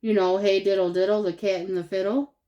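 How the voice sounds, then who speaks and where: A woman's voice: mid-range voice, flat delivery, fairly quick, dark tone, lo-fi sound, lightly acted. A woman doing a helpful little boy. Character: helpful young boy classmate.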